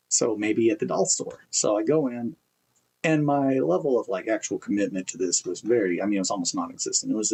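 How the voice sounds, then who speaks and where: A man chatting casually on a stream, with a husky, slightly breathy voice at an ordinary pitch. He rambles through a self-mocking anecdote, full of restarts and asides. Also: a little mellow, poor audio. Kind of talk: casual chat.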